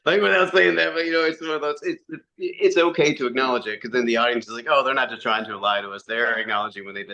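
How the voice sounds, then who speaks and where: A man, a commentator and comedian, telling stories fast in a casual interview, with quick voiced asides. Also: on the low side, sharp tone. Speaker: wrestling commentator and comedian guest.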